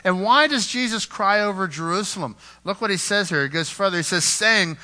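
Male pastor, sermon, very bright tense voice, a bit high, rises loud then goes hushed. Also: animated, a little fast, few pauses. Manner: impassioned, swings from loud emphasis to hushed; repeats words when building a point.

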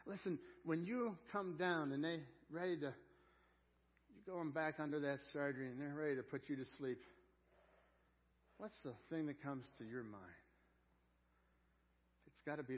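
On dull lo-fi church audio, a man preaches as a pastor at normal speed, his voice on the high side and his delivery full of pauses. He is earnest and folksy, repeating words as he looks for them and swinging between loudness and quiet intensity.

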